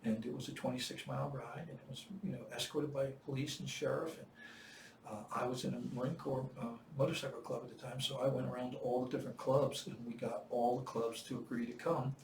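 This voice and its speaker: A man in his seventies telling war-veteran stories in casual chat, profane and animated. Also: mid-range voice, fast talker, vocal fry, roomy sound, far from the mic, a little hiss or hum. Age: 70s. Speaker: veteran storyteller.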